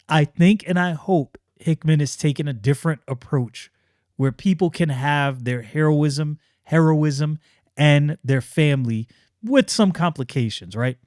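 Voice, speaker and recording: Excitable, slangy man reviewing comics. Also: fairly high pitch, no room sound, clean studio sound. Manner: excitable, slangy, lots of restarts. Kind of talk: casual review vlog.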